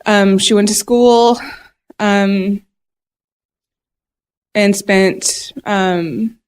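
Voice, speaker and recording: A woman's voice: medium pitch, fairly even intonation, drawn-out words, clean tone. A woman from Buffalo, New York, a podcast guest, answering in a friendly, hesitant way with many ums. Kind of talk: casual interview.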